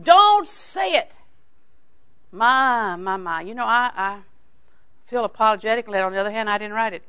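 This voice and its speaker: An older woman teaching a sermon on scripture in a folksy, animated way, swinging between loud emphasis and hushed asides. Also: medium pitch, quick pace, smooth. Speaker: Bible teacher.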